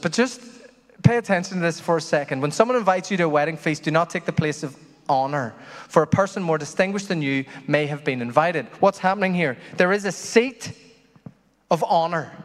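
Animated male preacher in a reverberant hall. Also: fairly high pitch. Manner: animated storyteller, swings from loud to hushed. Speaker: pastor. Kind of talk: sermon.

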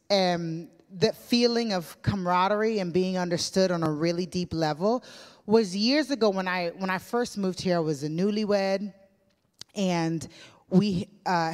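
In a church hall with long reverb, a woman delivers a conversational sermon, telling stories in a chatty way full of casual fillers. Her voice is on the low side and she takes her time.

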